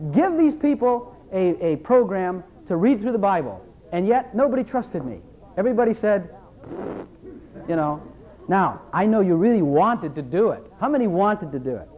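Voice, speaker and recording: A pastor preaches a sermon to his church in a high-pitched voice, animated and repetitive, breaking into mocking voices for his listeners.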